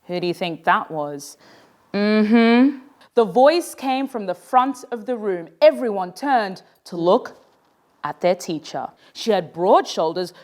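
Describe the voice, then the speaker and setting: A woman author reading her own children's story aloud in a playful, expressive way. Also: fairly high pitch.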